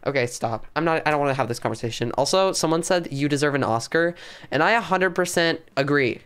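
Young female streamer, low-pitched but lively, hyper and theatrical, home bedroom setup. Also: fast talker, smooth. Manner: hyper, playful, mock-dramatic. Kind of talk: casual live-stream chat.

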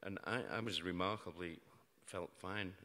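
A middle-aged British man with a low voice tells a true story on stage, mixing dark events with dry, self-mocking jokes. His voice carries a long reverb from the hall he speaks in. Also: fairly even intonation, moderate pace. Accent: British English. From Britain. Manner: wry, self-mocking humour about grim events. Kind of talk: live storytelling talk. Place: large hall before an audience.

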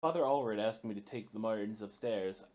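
A man playing a horror game, reading its notes aloud haltingly, with frequent stumbles, and swearing or yelping when startled. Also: on the low side, darkish tone. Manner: reads in a halting way, stumbling and restarting words. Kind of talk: let's play commentary.

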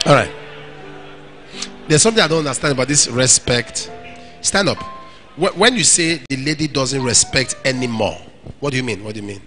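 A man's voice: mid-range voice, expressive, normal speed, pauses often, bright, forceful tone, soft background music. A middle-aged male pastor preaching in a church hall, answering questions from the congregation and acting out quoted dialogue with emphasis. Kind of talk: sermon with audience Q&A.

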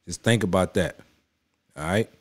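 Working from a home studio, a man with a somewhat low voice gives casual political reaction commentary at normal speed over a very noisy recording. He argues straight back at the clip in conversational street talk, hammering his points repeatedly as he gets more heated.

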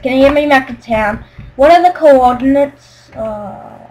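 A woman hosting a gaming video, talking through her play in a casual, excitable way and yelling when frustrated. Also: sits high, slow pace, a little hiss or hum, poor audio. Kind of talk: casual game commentary.

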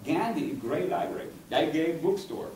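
Male poet, English, halting lecture delivery, distant mic with faint hiss. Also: a little high, expressive, darkish tone. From Cuba. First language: Spanish. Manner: halting, digressive, searching for words. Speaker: poet giving a talk. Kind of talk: university lecture. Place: university lecture room. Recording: echoey room, distant mic, faint noise.

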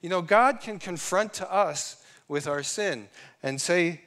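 A middle-aged man preaching a sermon in an earnest way, slowing down to sing and quote scripture. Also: sits high, fairly bright tone.

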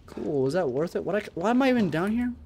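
A let's play gamer giving casual commentary, reacting with excitable, jumpy outbursts and swearing, and talking to themself and the game character. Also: mid-range voice, fast, a little hiss or hum.

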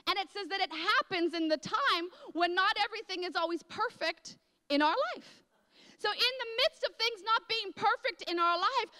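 A woman's voice: high-pitched, fairly bright tone. A woman pastor preaching a sermon, telling a personal story with dramatic emotional swings. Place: large church hall. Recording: echoey church hall.

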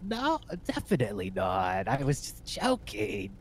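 A man's voice: fairly low pitch, huge pitch swings, measured pace, a little hiss or hum. A man playing alongside a streamer in a role-play game, chatting in character with dry jokes. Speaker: fellow role-play player.

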